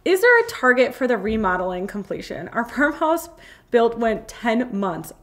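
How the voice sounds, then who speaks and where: A woman's voice: on the high side, sing-song, normal speed, a bit bright. A woman co-hosting a casual livestream, chatty and laughing often as she reads out viewer questions. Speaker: co-host, lawyer. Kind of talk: casual chat.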